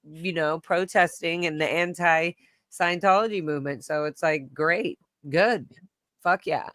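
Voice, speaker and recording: A woman's voice: lowish voice, a bit bright, no echo. A woman hosting a casual chat, telling a personal story with strong feeling and some swearing. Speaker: host.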